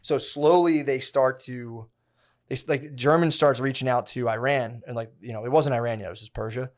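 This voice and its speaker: A man's voice: mid-range voice, fairly even intonation, brisk. A man in his thirties co-hosting a casual podcast, telling a long history story with slang, swearing and many restarts. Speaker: podcast co-host.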